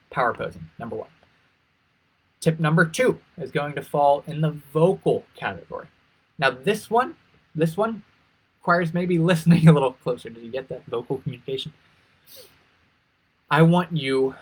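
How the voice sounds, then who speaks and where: This male interview coach is live streaming a session for pageant contestants, full of energy, hammering key phrases through repetition and sliding his pitch around to act out emotions. His voice is slightly rough, and the audio is poor.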